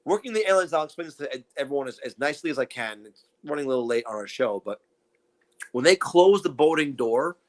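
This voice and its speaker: A man co-hosting a podcast, telling profane, animated stories in casual chat and acting out what people said. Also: on the high side, fast. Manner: profane, animated storytelling with acted-out quotes. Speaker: podcast co-host.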